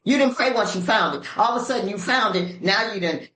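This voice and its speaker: A woman's voice: medium pitch, brisk. Older woman sharing in an echoey room. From Los Angeles. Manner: animated, preacherly storytelling with sudden shifts of voice; African American Vernacular English grammar. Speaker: recovery meeting speaker. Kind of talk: speaker-meeting share. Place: meeting room.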